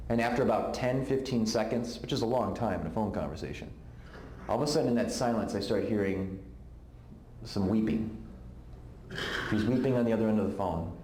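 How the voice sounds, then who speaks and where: A man's voice: fairly low pitch, mellow, a little hiss or hum. Storytelling man in a roomy hall. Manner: storytelling, acts out quoted voices. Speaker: speaker at a conference. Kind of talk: talk to a live audience. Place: conference hall.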